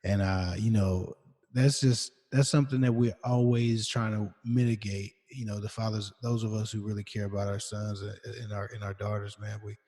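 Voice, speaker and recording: A man's voice: fairly low pitch, flat delivery, moderate pace, mellow, in a large hall. A man co-hosting a podcast about fatherhood, speaking in an earnest, thoughtful, emphatic way. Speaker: podcast co-host. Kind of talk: casual chat.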